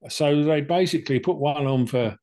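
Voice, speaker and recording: A man's voice: on the high side, normal speed, mellow. An older man, casually telling a personal story and acting out both sides of the conversations. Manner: chatty, plain-spoken, acts out both sides of conversations. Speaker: podcast co-host telling his cancer story.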